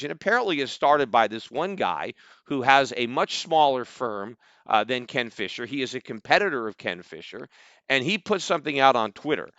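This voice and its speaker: A man's voice: medium pitch, a bit bright, no room sound, lo-fi sound. A middle-aged American man hosting a podcast, giving combative, sarcastic solo commentary and often asking "right?". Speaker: podcast host.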